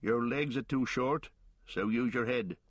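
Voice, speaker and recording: A man's voice: medium pitch, unhurried, dry recording, studio quality, natural voice. A man voicing a loyal, stout-hearted male hobbit servant with blunt, rustic speech. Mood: self-urging.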